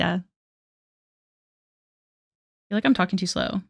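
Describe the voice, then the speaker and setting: A woman's voice: medium pitch, normal speed, no echo. Woman, casual streamer; chatty, self-mocking, laughs a lot; dry, close sound. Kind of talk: casual live-stream chat.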